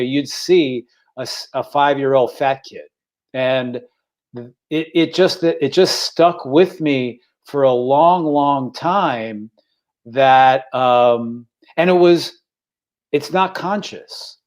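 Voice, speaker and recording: Co-host, 60s man, candid halting storyteller on a video call. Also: medium pitch. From Staten Island, New York. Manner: halting, repeats words, emotional. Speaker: podcast co-host.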